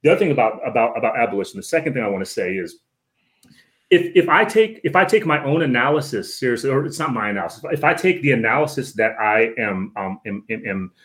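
A man's voice: mid-range voice, animated, fast talker, fairly bright tone. A man speaking as a guest in a casual podcast conversation, earnest and lecturing, often repeating words and tagging on "right?".

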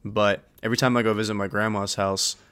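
A man with a fairly low voice banters loosely on a podcast, cursing and laughing as he goes. The sound is close and dry, with no room around it. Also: fast talker, clear, resonant tone, dry recording. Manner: swearing, laughing, animated. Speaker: podcast co-host. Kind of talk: casual chat.

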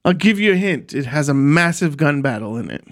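A young man with a notably high voice co-hosts a loose movie podcast. He jokes, rambles through the news and laughs often, keeping the banter casual. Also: lively intonation, fairly quick, a bit bright. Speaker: podcast co-host.

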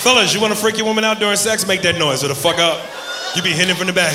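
A male stand-up comedian doing a loud, profane, rowdy routine on a club stage, often shouting. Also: high voice, fairly even intonation, racing, over music. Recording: roomy club with loud crowd.

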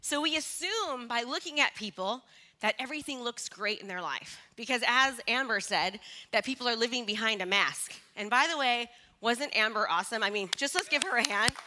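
A woman in her forties giving an energetic, chatty stage talk and drawing the live audience in, a little nervous. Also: fairly high pitch, moderate pace. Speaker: motivational speaker.

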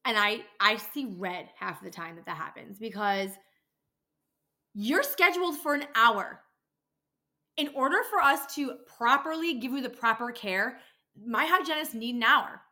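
A woman's voice: on the high side, measured pace, pushed and bright. A young adult woman hosting a casual podcast, ranting and swearing freely as she gets worked up. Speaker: podcast host, dental office worker.

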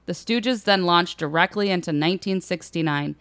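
A woman podcast host reading a local history passage aloud with lively emphasis, then chatting casually. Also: fairly low pitch, fairly quick, few pauses, clean tone.

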